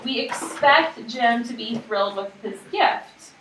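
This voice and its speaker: A woman's voice: fairly high pitch, lively intonation, unhurried. A woman teaching a class, explaining in a casual, chatty way with many fillers. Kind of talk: classroom lecture. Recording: echoey room, distant mic, noisy.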